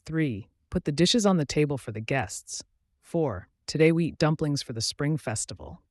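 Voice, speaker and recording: A man reading numbered everyday phrases slowly and clearly for learners. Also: a little high, expressive, no room sound, studio quality. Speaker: English teacher.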